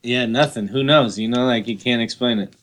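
A man's voice: medium pitch, fairly quick, a bit bright. A young man co-hosting a casual chat, blunt and laid-back, swearing and laughing. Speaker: co-host.

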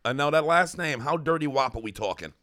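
Bright-voiced joking podcast host man. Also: a little high, animated, a little fast. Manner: crude, teasing, laughs a lot. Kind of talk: casual comedy podcast banter. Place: studio.

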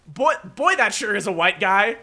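Young male co-host, high and bright voice, easygoing, laughs a lot. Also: very animated, normal speed. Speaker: podcast co-host. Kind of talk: casual chat.

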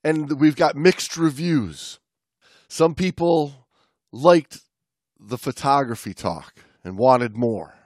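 A man's voice: mid-range voice, slow pace, dry recording, clean studio sound. A man co-hosting a podcast in casual chat, joking and teasing his partner. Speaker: podcast co-host.

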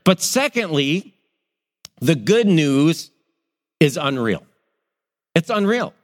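High-voiced preaching man in a reverberant hall. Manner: animated preaching with acted-out reactions. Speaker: pastor. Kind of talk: sermon.

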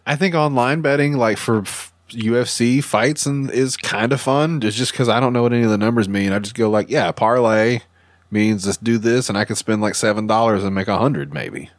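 A man hosting a casual podcast chat, swearing a lot and telling stories with loud mocking quotes. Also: mid-range voice, a little fast, no room sound, clean studio sound. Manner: profane, animated storytelling with loud mock-quotes. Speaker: podcast host.

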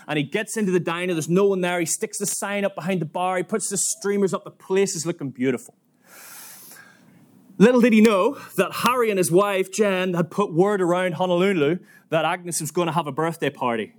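A male preacher telling a story in a sermon, with lively, dramatic pacing. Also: high-pitched. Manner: lively, dramatic retelling with quoted voices. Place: church.

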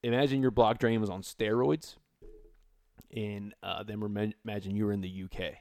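A low male voice in his thirties, recorded dry and close. He chats casually and wryly, swearing freely as he relays news stories. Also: steady tone, moderate pace, darkish tone, no echo. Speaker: podcast co-host. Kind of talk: casual chat, reading news items.

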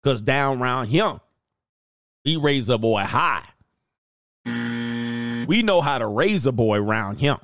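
A smug, menacing old small-town judge who taunts in a slow, drawn-out voice, as a man puts him on. The sound is dry and close, with no room around it. Mid-pitched and cruel, he lingers on every threat. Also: lively intonation, a bit bright, no room sound. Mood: threatening. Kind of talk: mock role-play on a livestream.

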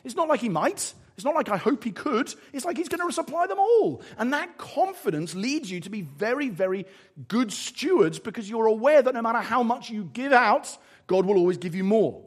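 A man's voice: very high voice, normal speed, breathy edge. A man with an English accent preaching a sermon, telling stories and acting out little asides. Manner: animated storytelling with acted-out asides.

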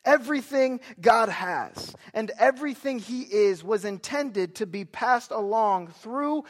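A young man preaching a sermon, telling family stories with animated delivery and loud bursts of emphasis. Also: high voice, a little slow, hardly any pauses, in a large hall. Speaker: pastor.

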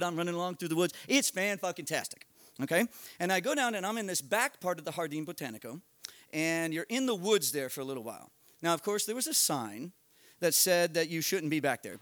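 A middle-aged American man telling a comic story at a live storytelling night, animated, profane and self-mocking, building tension with quick run-on narration. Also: high-pitched, no room sound. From United States. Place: live storytelling event at a bar.

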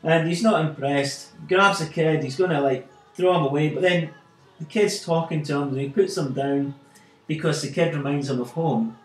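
Man, podcast host, animated storyteller, slightly high voice, echoey room, faint music. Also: moderate pace. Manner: animated storyteller, frequent fillers. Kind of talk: casual chat, retelling comics.

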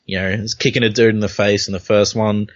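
An easygoing man hosting a casual comic book chat, describing panels one by one in a fairly low voice. The recording sounds dull and lo-fi. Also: little pitch movement, fairly quick. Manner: easygoing, narrates panels step by step. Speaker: podcast host.

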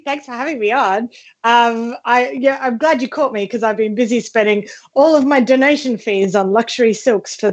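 A woman's voice: on the high side, lo-fi sound. Chatty young woman doing comic show-and-tell. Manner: chatty, self-mocking, with lots of fillers and restarts. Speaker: comedian guest. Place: her front room at home. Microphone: video call from home.

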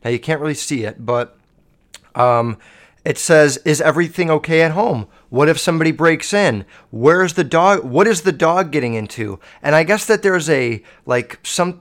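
A man's voice: medium pitch, fairly bright tone. A man hosting a solo podcast, telling a story in a casual, profane way and acting out other voices along the way. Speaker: podcast host.

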